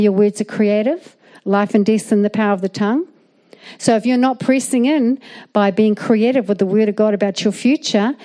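A woman preaching a sermon, often calling out "amen?" to the congregation. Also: a little high. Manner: animated, calls out "amen?" to the congregation. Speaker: guest preacher.

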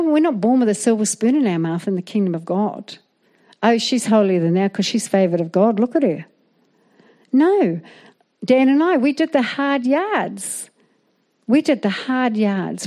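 A woman preaching a sermon, often calling out "amen?" to the congregation. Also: medium pitch. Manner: animated, calls out "amen?" to the congregation. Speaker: guest preacher.

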